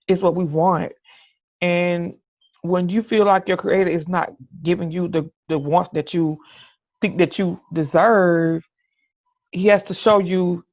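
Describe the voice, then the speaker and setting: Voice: mid-range voice, steady tone, measured pace, no echo. A middle-aged podcast host in a candid personal monologue, talking earnestly, often restarting and saying "you know what I'm saying". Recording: dull, dry lo-fi recording.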